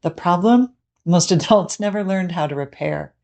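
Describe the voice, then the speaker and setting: Brief: woman therapist, measured explanatory delivery, lowish mellow voice. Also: vocal fry. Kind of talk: scripted educational talk.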